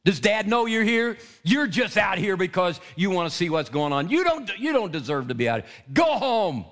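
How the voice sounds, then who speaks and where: A preacher acting a scornful angry older brother. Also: male voice, high voice, very animated, moderate pace, fairly bright tone, voice pushed up. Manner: scornful, scolding. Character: angry older brother scolding his little brother.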